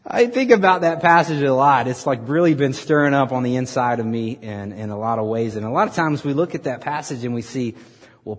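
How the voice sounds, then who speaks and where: A man preaching a sermon as a pastor, playfully narrating a scripture skit and bursting into loud dramatic reading. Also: mid-range voice, breathy edge, big-room sound. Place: large hall with audience.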